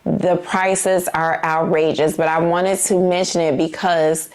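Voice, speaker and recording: A woman's voice: on the low side, level tone, unhurried, darkish tone. Chatty gushing woman with a drawl. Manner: chatty and gushing, says y'all and you guys. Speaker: perfume vlogger. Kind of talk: casual chat to camera.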